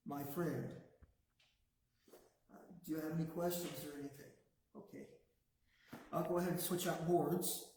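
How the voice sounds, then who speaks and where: A man leading a language class, saying words slowly and patiently for his students to repeat. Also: fairly high pitch, fairly even intonation, background noise. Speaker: language teacher. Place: classroom, also streamed to a video call. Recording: very echoey room.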